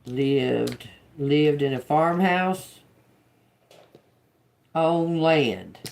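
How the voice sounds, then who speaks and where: Lady on a live tarot stream, real slow, gravelly voice, says each word over and over. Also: low voice, a little mellow. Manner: slow, drawn-out, repeats words as she reads them. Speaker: tarot reader on a livestream. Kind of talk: casual livestream reading.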